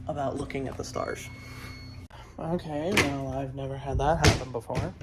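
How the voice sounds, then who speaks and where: A woman's voice: deep voice, noisy background. A young woman chatting casually at home in a late-night vlog, rambling, swearing and fussing over her pet. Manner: swearing, rambling, excitable, talks baby talk to her pet. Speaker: vlogger. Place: at home, indoors.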